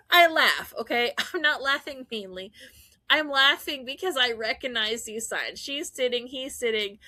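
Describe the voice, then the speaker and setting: A woman podcast host giving a casual, animated fan recap, gushing and laughing often. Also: on the high side, no room sound.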